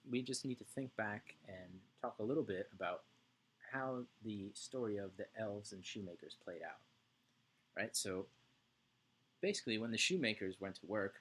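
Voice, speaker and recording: A man's voice: lowish voice, fairly bright tone, breathy edge. A male music teacher giving an online lesson to young children, chanting rhythm syllables and checking in often with "right?".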